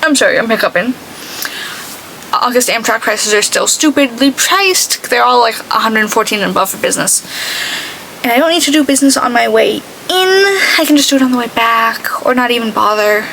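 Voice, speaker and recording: Young woman beauty vlogger, slightly high voice, rambling casual chat, faint hiss behind. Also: lively intonation, normal speed, gravelly, sharp tone, rough recording. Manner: rambling, chatty, lots of "like". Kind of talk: casual chat while doing makeup.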